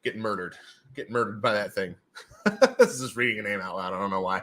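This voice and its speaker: Male livestream host, bright forceful voice, lively pitch, repeats himself, tosses in goofy sound effects. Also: quick pace. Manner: animated, repeats his own phrases, playful sound effects. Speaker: livestream host running NFT giveaways. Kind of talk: casual livestream commentary.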